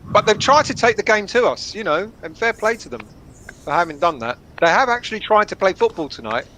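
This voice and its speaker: A man's voice: sits high, big pitch swings, brisk, a bit bright, a little hiss or hum. A man co-hosting a football watchalong, wry and teasing, calling out the clock. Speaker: fan channel co-host. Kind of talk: live match watchalong chat.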